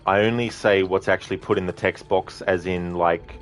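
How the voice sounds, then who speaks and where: A man streaming a game, chatting casually and warmly with viewers in a relaxed, rambling way. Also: low-pitched, moderate pace, faint music behind. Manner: relaxed, friendly, rambling with fillers. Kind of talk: casual chat with viewers over gameplay.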